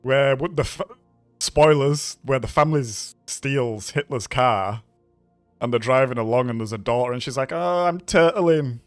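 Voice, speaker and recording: A man's voice: medium pitch, steady tone, normal speed, no echo, soft background music. Chatty man streaming. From Bradford, England. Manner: rambling, chatty, laughs often. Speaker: racing game streamer. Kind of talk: casual live-stream chat.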